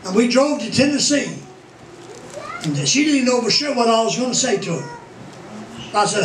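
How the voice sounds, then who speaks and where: An older man preaches in a folksy, storytelling way, his voice pitched high. He is heard from a distance in an echoey church, with a faint hiss behind him. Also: normal speed, long pauses. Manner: folksy, plain-spoken, rising to fervent exclamations. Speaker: pastor. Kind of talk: sermon storytelling. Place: church sanctuary.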